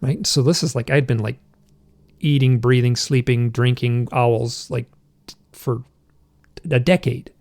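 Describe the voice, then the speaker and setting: A middle-aged man with a gravelly, creaky voice tells a personal story as a podcast guest. He talks in halting restarts and breaks into intense, emotional outbursts when he quotes himself. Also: medium pitch, flat delivery, darkish tone. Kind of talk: recounting a personal experience.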